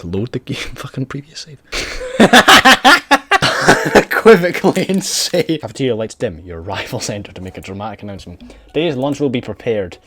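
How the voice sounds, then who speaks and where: Let's-player, low voice that jumps about a lot, swears and reacts loudly, faint music behind. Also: male voice, slightly rough. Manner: excitable, sweary, laughing, reads game text aloud. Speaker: game streamer. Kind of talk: let's play commentary.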